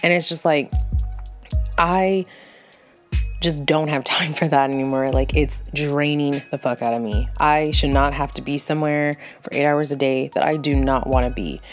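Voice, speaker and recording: A woman's voice: low voice, steady tone, normal speed, soft background music. A woman telling a workplace story as a casual rant, blunt and full of swearing. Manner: blunt, profane, fired-up storytelling. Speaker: vlogger venting about work.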